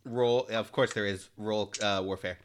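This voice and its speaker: A man's voice: fairly low pitch, steady tone, unhurried. A man running a comedic tabletop game as game master, giving terse, crude, joking rulings.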